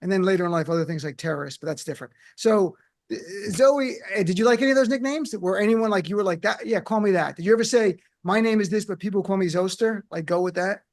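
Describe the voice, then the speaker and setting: Brief: male talk-radio host, high voice, playful and teasing. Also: fast. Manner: animated, teasing, acts out quotes. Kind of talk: comedic panel chat. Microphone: studio mic.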